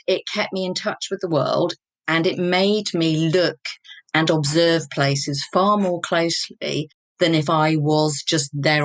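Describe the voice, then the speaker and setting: An Englishwoman in her fifties with a deep voice tells her personal stories openly and reflectively as an interview guest. No echo is audible.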